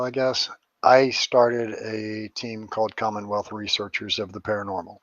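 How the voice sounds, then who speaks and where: A man's voice: on the low side, little pitch movement, moderate pace, a bit bright, no echo, lo-fi sound. A middle-aged man, a psychic medium and paranormal investigator, rambling through stories in a casual interview, with crude jokes and swearing.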